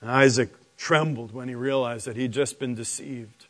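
A man preaching a sermon, telling the story in an animated, conversational way with asides to the listeners. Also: mid-range voice, normal speed.

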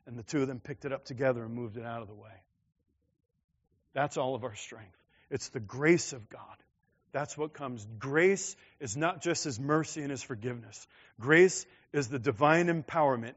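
A man preaching a sermon as a pastor, in an emphatic, conversational manner, in a slightly dull lo-fi recording. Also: medium pitch.

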